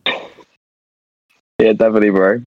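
A man's voice: on the low side, flat delivery, slow pace, no room sound, narrow, tinny audio. A young Englishman in a band, chatting casually as an interview guest, rambling and laughing often. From England. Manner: rambling, laughs often, fillers like "mate" and "to be fair".

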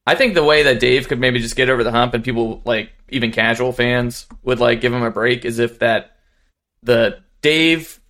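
A man's voice: medium pitch, moderate pace. A man co-hosting a casual sports podcast, telling stories animatedly and mimicking people he quotes. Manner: animated storytelling, mimics others. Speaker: podcast co-host.

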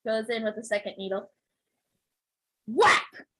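A woman's voice: mid-range voice, moderate pace, fairly bright tone, breathy edge, rough recording. A woman who works as a physical therapist, animatedly telling a story in casual chat, acting out the voices and laughing often.

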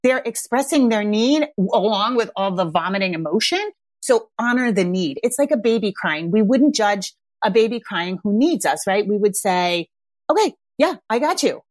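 A woman's voice: mid-range voice, lively intonation, moderate pace, no room sound. A woman in her thirties, a parenting coach hosting a podcast, talking casually and often checking in with "right?" and "yeah?". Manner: conversational, frequent tag questions like "right?" and "yeah?". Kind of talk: casual advice talk.

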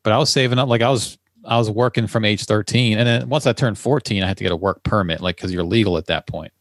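Co-host, man, low-leaning voice, rambling and easygoing, dry close recording. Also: no echo. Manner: chatty, quick to laugh, rambling. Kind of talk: casual chat.

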